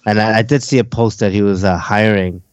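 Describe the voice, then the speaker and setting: A man's voice: fairly low pitch, fairly even intonation, fairly quick, clear, resonant tone, dry recording. A man with a New Jersey accent co-hosting a podcast, reading listener comments in casual chat and laughing often. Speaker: podcast co-host.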